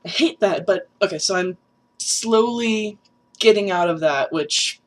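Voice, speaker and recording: A man's voice: high voice, measured pace. Nasal young trans man, rambling chat. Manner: chatty and rambling, many fillers, laughs at self. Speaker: vlogger. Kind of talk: casual vlog update.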